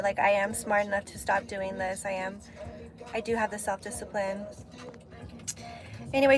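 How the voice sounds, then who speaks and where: A young woman talks openly on her livestream, frank and confessional, swearing freely and laughing between thoughts. Her voice sits a little high, and clear music plays underneath her. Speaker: livestream host. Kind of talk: candid personal chat. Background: music playing.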